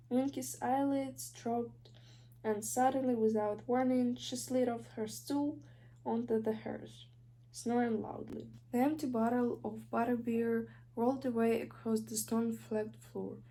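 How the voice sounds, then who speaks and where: A woman's voice: fairly high pitch, steady tone, unhurried, dark tone. Young Ukrainian-accented woman reading aloud. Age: young adult. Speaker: student reader. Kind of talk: audiobook reading.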